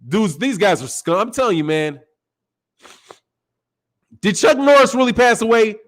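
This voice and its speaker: A man hosting a boxing channel, giving animated, profane opinion commentary and acting out quoted voices. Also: sits high, unhurried, low-quality recording. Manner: animated, acts out quoted voices, curses freely.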